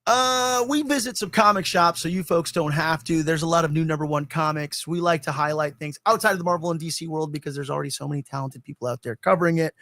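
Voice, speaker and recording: A man's voice: on the high side, fast talker, few pauses, pushed and bright. A man hosting a casual podcast chat, laughing often, rambling and swearing freely. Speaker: podcast host.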